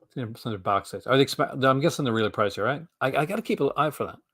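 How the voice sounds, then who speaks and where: A man's voice: mid-range voice, expressive, very fast, fairly bright tone, no echo, clean studio sound. A man with a Canadian accent, hosting a casual chat and rambling with frequent restarts. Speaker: host.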